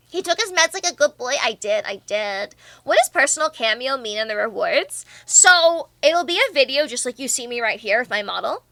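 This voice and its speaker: A woman's voice: fairly high pitch, bright, forceful tone, no echo. A young woman streamer chatting casually and reading out viewer comments, bubbly and playfully teasing.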